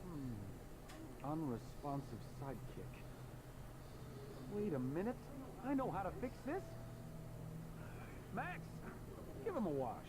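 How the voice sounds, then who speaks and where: Brief: a quick-witted young hero, bouncy and expressive. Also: male voice, on the high side, poor audio. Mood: brash. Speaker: game character.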